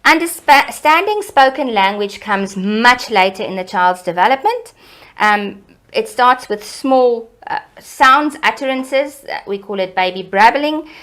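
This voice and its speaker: A middle-aged woman educator, explaining child development in a lively, teacherly way in an interview. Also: unhurried. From South Africa. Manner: animated, teacherly, varies pitch and loudness for emphasis.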